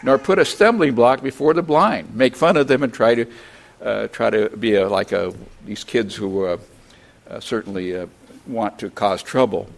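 An older man giving an informal Bible lesson, unhurried, reading scripture aloud and spelling out Hebrew words. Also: lowish voice, vocal fry. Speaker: Bible teacher.

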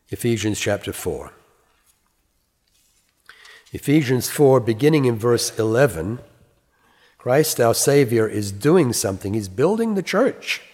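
Man preaching with a slow, emphatic delivery. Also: mid-range voice, a little mellow, husky. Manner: slow, emphatic scripture reading. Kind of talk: sermon. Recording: long reverb.

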